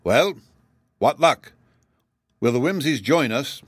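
A man's voice: mid-range voice, expressive, slow pace, slightly rough, no room sound, voice pushed up. A man voicing a scheming, anxious gnome king in an audiobook, exclaiming and suspicious. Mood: eager. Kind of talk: audiobook character reading.

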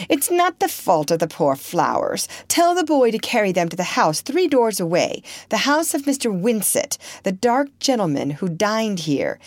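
A woman voicing a proud, agitated young countess who speaks in a shrill, commanding way in an audiobook. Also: dry recording. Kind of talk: audiobook character reading.

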